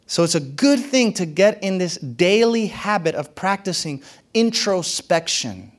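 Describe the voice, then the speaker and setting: This sermon comes at a measured pace, with the preacher stressing and repeating his key phrases. His pitch swings widely, shifting between hushed whispers and sharp rises.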